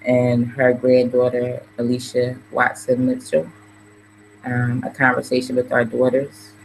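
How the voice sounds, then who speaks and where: A woman's voice: a bass voice, a little hiss or hum, poor audio. A woman hosting a video call in a casual, earnest way, with a preachy manner. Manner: earnest and preachy, rising to emotional fervor. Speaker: host. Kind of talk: casual livestream talk. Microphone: computer mic on a video call.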